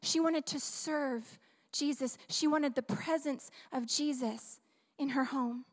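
Slowly, a high-voiced woman gives a sermon through a handheld mic, tossing questions to listeners with animated, playful humor. The large church hall stretches her words into a long reverb.

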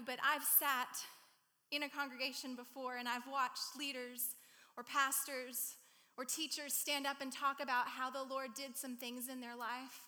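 A woman preaches to her church with emotional candor. Her voice sits high and sounds bright and tense. It carries with the long reverb of a large sanctuary. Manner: emotional, warm-hearted, candid. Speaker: guest speaker. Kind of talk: sermon.

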